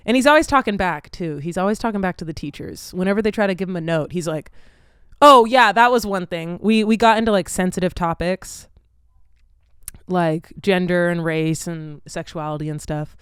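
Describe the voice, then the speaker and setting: A woman's voice: on the low side, a little fast, clean tone, no echo, clean studio sound. A young woman, telling stories in a casual vlog chat, candid and swearing freely, with lots of filler "like". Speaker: vlogger.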